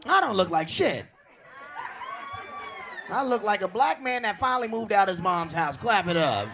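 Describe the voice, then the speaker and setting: A man doing a live stand-up comedy set, talking loud and punchy and shouting his punchlines. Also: high-pitched, very animated, normal speed. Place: comedy stage before a live audience. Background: audience.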